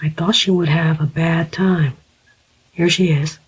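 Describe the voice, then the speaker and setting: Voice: mid-range voice, fairly even intonation, unhurried, husky, low-quality recording. A narrator whispering the part of a firm, principled older man who is a father, as whispered role-play. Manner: firm, emphatic.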